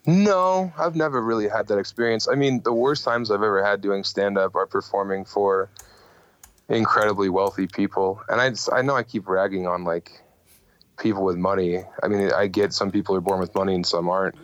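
A man's voice: fairly low pitch, fairly quick, fairly bright tone, no echo. A man who does stand-up comedy, talking candidly and rambling a little in a casual podcast chat, swearing freely. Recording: dull dry lo-fi audio.

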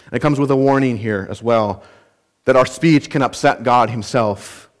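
A man's voice: mid-range voice, normal speed. A man preaching an expository sermon, earnest and emphatic, explaining word meanings and putting rhetorical questions to his listeners. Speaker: pastor.

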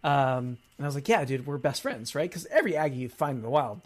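A man in his thirties chatting casually as a co-host, telling an animated story and acting out the dialogue. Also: mid-range voice, fast. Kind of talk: casual chat.

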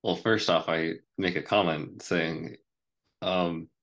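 A low-voiced man drawls through his turns in a tabletop game. He speaks slowly and laughs easily at his bad dice rolls, keeping an easygoing manner. His voice stays deep and unhurried. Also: steady tone, fairly bright tone. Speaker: player. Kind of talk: casual tabletop game play.

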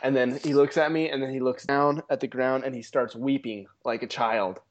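A man's voice: mid-range voice, fairly even intonation, normal speed. A man guest on a podcast, telling a story casually with many restarts and amused asides. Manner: rambling, self-amused, frequent restarts.

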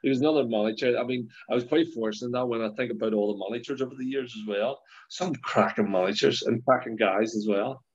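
A man's voice: mid-range voice, fast talker, breathy edge. A middle-aged Northern Irish man, a former footballer, telling rambling stories with frequent laughs and restarts in casual chat. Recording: dull lo-fi sound.

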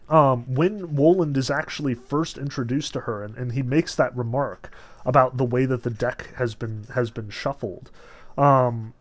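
A man lecturing casually on a book, his voice sitting at an ordinary middle pitch. He talks loosely, full of filler words and quick restarts, and presses hard on the points he wants to drive home. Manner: emphatic when stressing points. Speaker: literature lecturer. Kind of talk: casual lecture on a novel, reading passages aloud.

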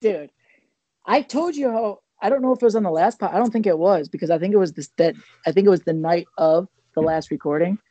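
Podcast co-host, rambling animated storyteller, mellow dark voice. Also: male voice, sits high, a little fast, dry recording, dull audio. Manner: rambling, animated, many restarts and fillers.

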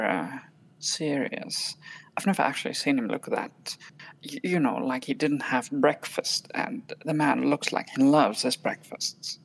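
A woman's voice: very deep voice, creaky, exaggerated voice. A woman playing a lazy, glib young man who loves comfort, speaking in an offhand drawl. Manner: drawling, offhand, mock-soothing.

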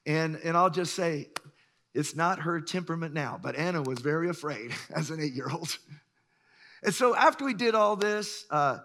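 Animated, bright-voiced male pastor. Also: a little high, normal speed. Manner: animated storyteller, acts out voices, chuckles often. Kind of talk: sermon with stories.

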